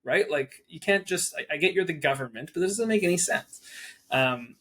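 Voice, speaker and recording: A man speaking as a guest property manager in a casual interview, animated and peppering his talk with "like" in rapid bursts. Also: a little high.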